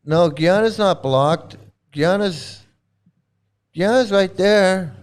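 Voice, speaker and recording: A man's voice: sits high, takes it slowly, clean tone. A man hosting a livestream, ranting indignantly and mockingly with lots of repetition. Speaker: livestream host. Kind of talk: casual livestream commentary.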